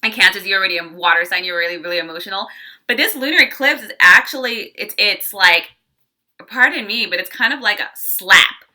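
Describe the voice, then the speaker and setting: Bright-voiced chatty woman reading tarot. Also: mid-range voice, brisk. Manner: chatty, animated, acts out quoted voices. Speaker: tarot reader. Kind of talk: casual tarot forecast.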